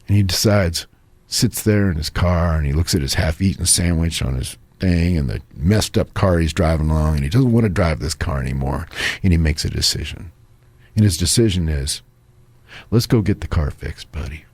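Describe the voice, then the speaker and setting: A man's voice: low-pitched, moderate pace, darkish tone, no echo. A man who hosts radio, telling his recovery story in a conversational way with frequent "you know"s. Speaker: radio host and recovery speaker.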